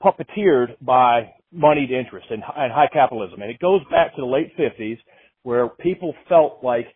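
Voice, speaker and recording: Rambly husky guy from atlanta, forties, keeps restarting, tinny phone sound. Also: medium pitch, expressive, moderate pace. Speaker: podcast host. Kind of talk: casual podcast chat.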